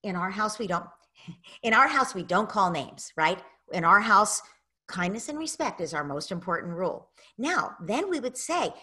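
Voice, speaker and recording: A woman's voice: mid-range voice, moderate pace, slightly rough. An American woman, a parenting expert, answering audience questions in an online masterclass and animatedly acting out parents and kids. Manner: animated, acts out parents and kids in quoted lines.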